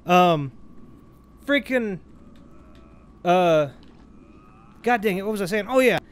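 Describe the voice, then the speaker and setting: A man with a notably high voice talks through a video game in a rambling, excitable way. He jokes, trails off and restarts his thoughts as he plays. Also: slow, smooth. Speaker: gameplay commentator. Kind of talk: casual let's-play commentary.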